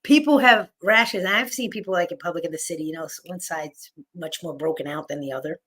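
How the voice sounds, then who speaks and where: A woman hosting a casual live chat, blunt and sarcastic, swearing freely and getting loud when worked up. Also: on the low side, brisk. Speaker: livestream host.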